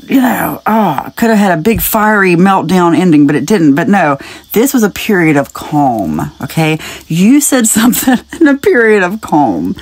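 A woman's voice: mid-range voice, no echo. Chatty woman giving a spiritual reading. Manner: chatty and rambling, with frequent light laughs; speaks directly to the viewer, wandering off into tangents. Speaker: spiritual message reader. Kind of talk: casual spiritual reading to camera.

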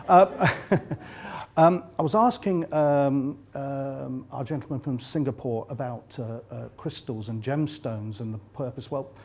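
A man's voice: medium pitch, dark tone, breathy edge. An older Englishman with an English accent giving a chatty, joking lecture at a conference, with many fillers. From England. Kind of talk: live conference lecture with slides. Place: conference hall.

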